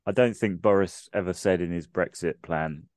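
A man from England, co-host of a comedy podcast, measured and diplomatic in his banter. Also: low-pitched, darkish tone. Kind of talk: casual banter.

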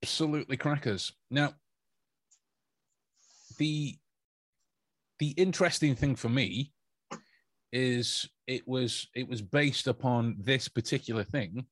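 A man's voice: mid-range voice, takes it slowly, pauses often, a bit bright, no echo, clean studio sound. A man hosting a podcast, telling a story in a casual, joking way with lots of stumbling restarts. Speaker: podcast host. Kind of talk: casual chat.

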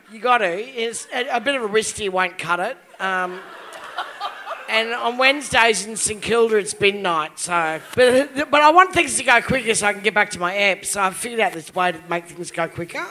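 A woman's voice: medium pitch, bright, forceful tone, a little hiss or hum. A woman in her fifties with an Australian accent doing live stand-up comedy, crude and full of swearing. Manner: bawdy, crude, heavy swearing. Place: live comedy venue stage.

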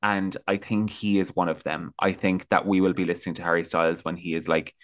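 Chatty man with a deep voice. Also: little pitch movement, fairly quick. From Ireland. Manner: chatty, enthusiastic, lots of "like" fillers. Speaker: podcast guest. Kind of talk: casual chat.

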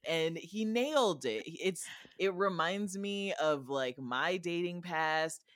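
A woman from the Midwest, a comedian guest, telling jokey stories in an animated way on a podcast. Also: lowish voice, slow, dry recording, clean studio sound. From American Midwest. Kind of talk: casual podcast chat.

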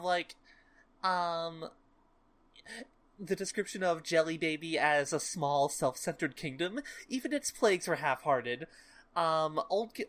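A woman co-hosting a podcast, chatting casually about books in a rambling, profane, stop-and-start way. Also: fairly low pitch. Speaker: podcast co-host. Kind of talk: casual book-club chat.

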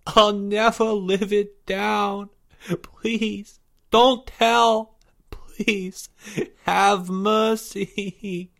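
A man's voice: fairly low pitch, lively intonation, slow, a bit bright. A man reading a story aloud, voicing a fifth-grade boy who whines, sobs and begs. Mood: whiny pleading. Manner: whining, pleading, blubbering.

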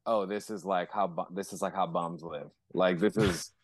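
A man chatting loosely on a podcast as a guest musician, stringing his thoughts together with endless fillers and casual swearing. His voice sits low and sounds dry and close to the mic. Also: steady tone, moderate pace, no room sound. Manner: rambling, heavy swearing and fillers.

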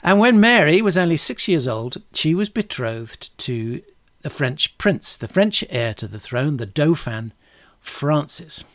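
A man's voice: a little high, lively intonation, measured pace, dry recording, clean studio sound. A middle-aged man telling history in a casual, chatty way, with wry asides. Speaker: podcast host.

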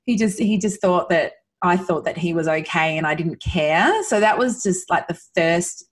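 A woman's voice: fairly low pitch, normal speed. A woman as a podcast guest, talking earnestly and from the heart about her son, with many restarts and fillers. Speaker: guest, mother sharing her son's recovery. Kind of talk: emotional podcast conversation.

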